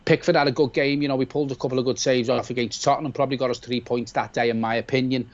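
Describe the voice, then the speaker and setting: Rapid-fire and steady in tone, this medium-pitched man reads viewers' messages aloud during a live football watch-along he co-hosts, responding bluntly in his Scouse accent. The high frequencies in the recording are cut off.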